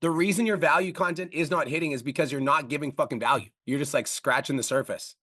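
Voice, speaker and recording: A man coaching on a call, blunt and profane, talking fast and pressing hard. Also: a little high, sharp tone, no echo, clean studio sound. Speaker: business coach.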